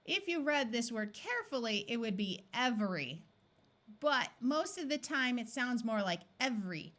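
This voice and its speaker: Clear-spoken American woman teaching phonics. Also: on the high side, sing-song, fairly bright tone. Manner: clear, deliberate word-by-word enunciation. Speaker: reading tutor. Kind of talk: slow, careful phonics lesson.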